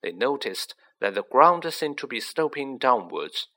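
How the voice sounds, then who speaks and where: A man's voice: medium pitch, big pitch swings, unhurried, pushed and bright. A man reading a children's story aloud, narrating with acted character voices. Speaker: audiobook reader.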